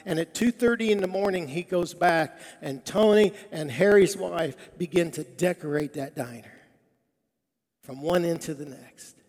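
A man's voice: fairly high pitch, normal speed. A male preacher telling a story in a sermon, acting out each character's lines in a church sanctuary. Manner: animated storyteller quoting characters. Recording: long reverb of a large hall.

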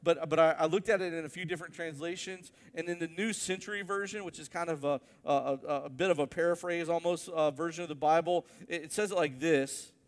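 A male pastor preaching a sermon, telling a story with animated build-ups to emphatic peaks. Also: fairly high pitch, a little fast, few pauses, in a large hall.

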